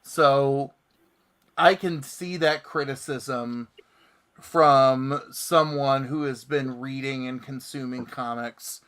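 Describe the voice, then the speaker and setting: Slow-talking man hosting a comics show. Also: medium pitch. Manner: relaxed, reads viewer comments aloud. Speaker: podcast host. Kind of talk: casual chat.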